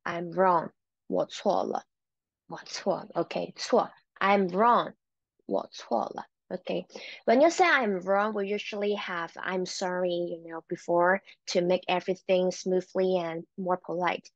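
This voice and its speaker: Woman, language teacher, very slow and patient, dry dull lo-fi sound. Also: on the low side, no room sound. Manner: patient, repeats words, mixes English and Chinese. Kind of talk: vocabulary lesson.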